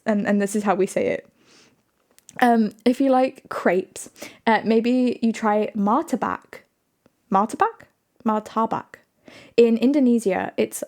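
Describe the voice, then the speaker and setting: A woman's voice: mid-range voice, a little mellow. A young woman streaming live, chatting casually with viewers in a giggly, rambling, self-mocking way. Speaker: livestreamer.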